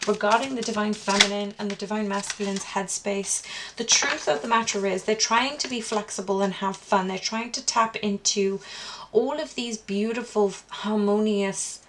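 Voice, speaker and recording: A woman reading tarot cards aloud in a calm, earnest spiritual tone, asking Spirit questions as she goes. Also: mid-range voice, normal speed, noisy background. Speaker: tarot reader. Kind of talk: tarot card reading to camera.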